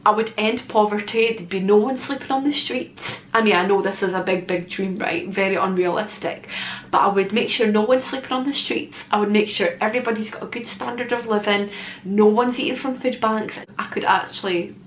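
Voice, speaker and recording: A woman's voice: mid-range voice, brisk. Candid woman vlogging, echoey room. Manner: candid, emotional, swears casually. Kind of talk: casual Q&A vlog. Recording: echoey room with faint noise.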